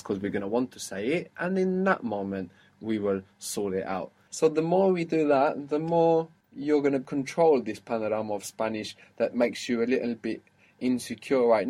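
A man's voice: mid-range voice, warm tone. A man teaching a spoken language lesson, patiently explaining step by step and encouraging his student.

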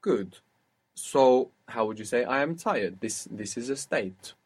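A man's voice: medium pitch, expressive, unhurried, slightly rough. A man teaching a spoken language lesson, patiently explaining grammar step by step and quizzing his student.

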